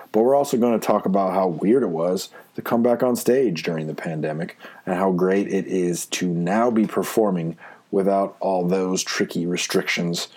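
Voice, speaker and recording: A man hosting a show, giving a measured, friendly scripted introduction. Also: sits low, a little mellow. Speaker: podcast host.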